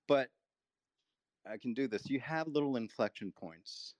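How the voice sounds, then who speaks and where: A man's voice: medium pitch, unhurried, dry recording. A man, a guest on a remote call, telling his own story casually and acting out what he said back then. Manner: animated, acts out his own quotes.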